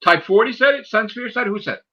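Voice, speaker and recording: A man hosting a podcast, ranting in a heated, profane way and mimicking people in high voices. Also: animated, fast talker, dull audio. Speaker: podcast host. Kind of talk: heated casual podcast rant.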